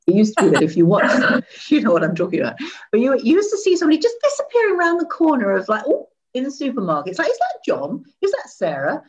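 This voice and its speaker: Animated woman with a lively voice. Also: sits high, rapid-fire, low-quality recording. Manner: animated, laughs often, demonstrates voices. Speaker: guest expert on voice and sensuality. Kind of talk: conversational interview. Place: seated indoors.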